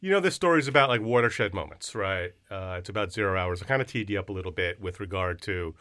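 A man co-hosting a podcast, talking in an animated, casual way with lots of slang and hype. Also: deep voice, fast. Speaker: podcast co-host.

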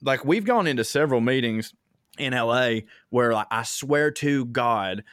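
A young man from the American South with a Southern accent, an animated storyteller who swears freely and acts out quotes in casual chat. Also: medium pitch, measured pace, smooth, no echo, clean studio sound. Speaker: comedian guest.

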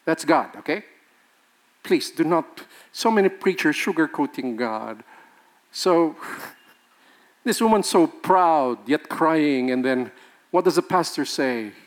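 A man's voice: fairly high pitch, animated, takes it slowly, long pauses. A male pastor, preaching a sermon with emphatic rhetorical questions and laughing with the congregation.

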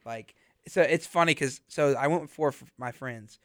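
A young man hosts a college radio podcast from a small studio, chatting casually and rambling with plenty of fillers while laughing often. His voice is mid-range and a bit bright, at a normal speed, with no echo.

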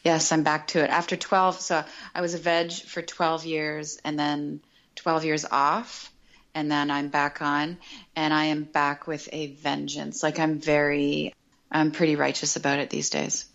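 A middle-aged woman talking as a podcast guest, chatty and animated, often acting out quoted remarks. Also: sits low, unhurried, lo-fi sound. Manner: animated and chatty, quotes herself and others in lively voices. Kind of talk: casual podcast conversation.

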